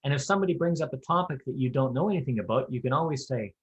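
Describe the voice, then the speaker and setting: Talking very fast with lively intonation, a man gives other callers a practical, chatty lesson on square dance calling, tossing in folksy remarks and casual jokes. His pitch is medium. The audio is dull.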